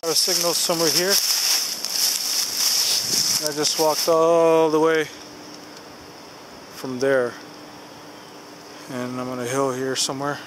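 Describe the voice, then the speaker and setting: A man narrates his metal detecting trip to viewers in a slow, musing way, often sounding a little winded from digging. His voice sits a bit high for a man. He is recorded outdoors on a camera mic, with loud noise all around him. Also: flat delivery. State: out of breath at times. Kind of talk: casual outdoor commentary to camera. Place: outdoors in a rural field.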